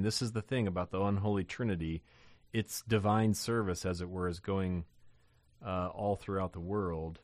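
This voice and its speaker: Low-voiced man teaching scripture, dry close sound. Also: no echo. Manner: reads verses then comments in loose, restarting asides. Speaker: Bible teacher. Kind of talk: verse-by-verse Bible teaching.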